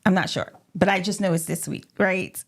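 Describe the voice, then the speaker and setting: A woman's voice: on the low side, gravelly, breathy edge. A woman co-hosting a casual livestream chat, giggly and prone to breaking into laughter. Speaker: co-host.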